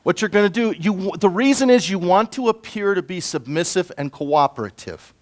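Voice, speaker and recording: A middle-aged man with a fairly high voice gives a conference presentation. He lectures in a lively, conversational way, turning to the audience with asides and quick questions. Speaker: self-defense instructor. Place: conference room.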